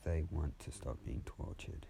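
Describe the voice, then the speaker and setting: A man's voice: unhurried, warm tone, slight background noise, natural voice. A man voicing a menacing young male heir of the underworld in a fan-made spoken story, cold and taunting.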